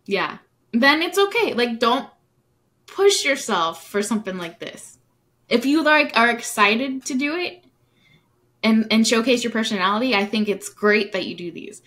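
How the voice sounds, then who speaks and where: A woman's voice: on the high side, expressive, moderate pace, a bit bright. A young woman co-hosting a podcast, giving chatty, giggly commentary. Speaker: podcast co-host. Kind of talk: casual chat.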